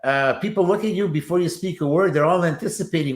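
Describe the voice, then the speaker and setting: Male co-host, raised pitch, reassuring jokey manner, roomy reverb. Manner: encouraging, joking, halting with fillers. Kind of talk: casual interview chat.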